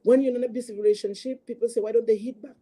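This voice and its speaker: A woman with a very dark, mellow voice and a husky edge tells her own story in an interview. She talks earnestly and haltingly, circling back and repeating words as she goes. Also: on the high side, fairly even intonation. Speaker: guest sharing a personal story. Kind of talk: emotional personal testimony.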